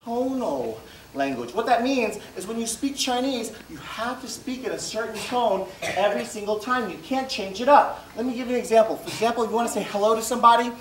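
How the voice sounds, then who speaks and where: A man's voice: very high-pitched, quick pace, hardly any pauses, heavy background noise. A male stand-up comedian who works the audience, giving instructor-style commands and exaggerating sing-song tones. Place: live comedy stage before an audience. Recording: echoey venue, distant mic, loud crowd.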